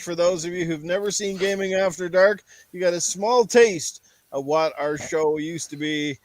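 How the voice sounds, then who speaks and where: A man's voice: sits high, normal speed, few pauses. A man hosting a casual online gaming panel, talking in a laid-back, rambling way with lots of fillers. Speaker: podcast host.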